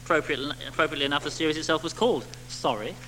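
A man preaching a sermon to a congregation, animated, with rhetorical tag questions and little acted-out quotes. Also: a little high, very fast, slight background noise, low-quality recording.

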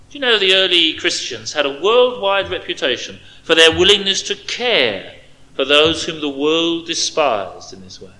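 A man preaching an expository sermon, stressing key words and dropping to quiet asides. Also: fairly high pitch, very animated, moderate pace, low-quality recording.

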